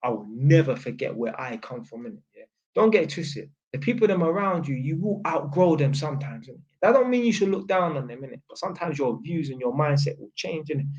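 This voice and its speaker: A North London man hosts a casual livestream monologue in a London, Multicultural London English accent, blunt and emphatic, swearing often and tagging questions onto his lines. His slightly high, darkish voice swings widely in pitch at a somewhat fast pace, and the sound is lo-fi.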